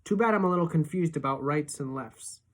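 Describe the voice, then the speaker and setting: Teacher lady reading a novel to her class, low voice, steady and expressive. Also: fairly quick. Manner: steady, expressive first-person narration.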